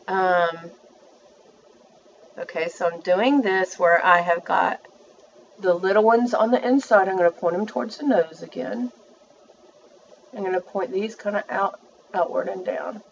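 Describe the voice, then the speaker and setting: A woman's voice: medium pitch, lively intonation, a little slow, pauses often, lo-fi sound, slight background noise. Chatty woman doing a makeup tutorial. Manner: chatty, self-narrating, addresses viewers as y'all. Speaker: beauty vlogger.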